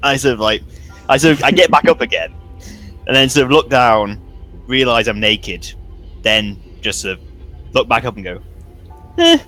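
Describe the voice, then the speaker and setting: A man's voice: medium pitch, moderate pace, long pauses, pushed and bright, soft background music, low-quality recording. A man playing a tabletop role-playing game, rambling as he describes his character's actions. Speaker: player.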